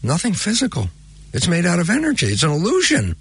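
Guest type: husky, gravelly man, acts out remembered dialogue. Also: high voice, quick pace, dry recording. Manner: animated, acts out his own remembered conversations. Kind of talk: conversational explanation.

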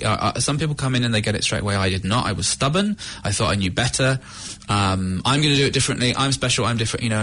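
A middle-aged man from the UK telling his own recovery story in a candid, halting, reflective way. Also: fairly low pitch, a bit bright. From United Kingdom. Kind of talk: personal testimony.

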